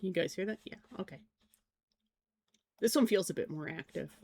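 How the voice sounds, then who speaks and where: This is a live streamer in casual chat while drawing, with a voice of middling pitch. The talk rambles and drifts between thoughts. The streamer is easily distracted and makes light fun of themself. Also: a little fast, gravelly, darkish tone, breathy edge. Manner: rambling, distracted, self-mocking.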